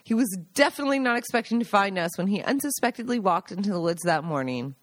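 An American woman reads a chapter of her own memoir aloud, mid-pitched and conversational. Her delivery is wry and self-amused, like she's telling stories to friends. The sound is dry and close, with no room echo. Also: lively intonation, fast. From United States. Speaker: podcast host and author.

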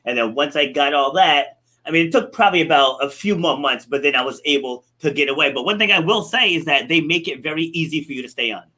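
A man's voice: a little high, expressive, fast talker, bright, forceful tone. A man hosting a podcast, chatting casually and telling stories animatedly, laughing often. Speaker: podcast host. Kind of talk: casual conversation.

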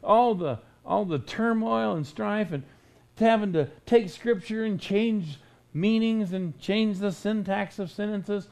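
Man, high voice, preacher, sarcastic rhetorical questions, blunt folksy sermon talk. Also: takes it slowly, creaky, darkish tone. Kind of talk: conversational sermon.

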